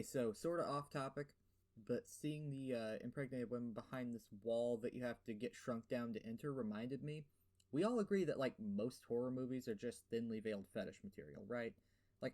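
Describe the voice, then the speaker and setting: A young man with a lisp hosts a gaming video, voicing a sarcastic, profane game review full of fillers and rants. His voice is medium-pitched and a little mellow.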